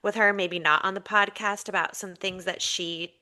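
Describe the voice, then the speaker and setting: Woman podcast host; bright, crisp tone, casual and talkative, many "like"s. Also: medium pitch, fairly even intonation, moderate pace. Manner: chatty, warm filler-heavy questions with lots of "like". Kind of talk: casual interview chat.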